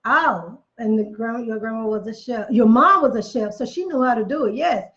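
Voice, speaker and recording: A woman's voice: fairly high pitch, moderate pace, a bit bright, highs cut off. A woman giving a casual motivational talk, emphatic and preachy, repeating phrases for effect, with chatty folksy asides. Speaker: motivational speaker.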